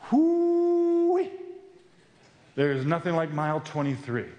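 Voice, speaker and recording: Brief: male preacher, higher voice, earnest storyteller, echoey room. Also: lively intonation, normal speed, highs cut off. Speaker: speaker at a men's retreat. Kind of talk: sermon. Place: retreat camp meeting room. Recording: roomy echo.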